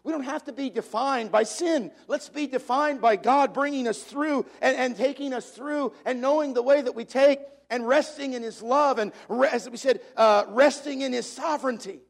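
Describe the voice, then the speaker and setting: A man's voice: extremely high pitch, moderate pace, vocal fry, few pauses. A man preaching a sermon to a congregation, repeating key phrases for emphasis in a preacher's cadence. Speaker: pastor.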